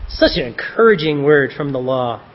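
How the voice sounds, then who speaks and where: A man's voice: medium pitch, lively intonation, normal speed, muffled recording. A man preaching a sermon in a conversational style, with self-deprecating joking asides.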